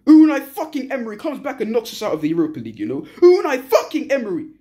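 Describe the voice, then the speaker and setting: A woman's voice: a little high, sing-song, fast, dark tone. A young woman giving a furious, profane post-match reaction as a football fan, repeating short phrases over and over. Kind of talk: angry post-match rant.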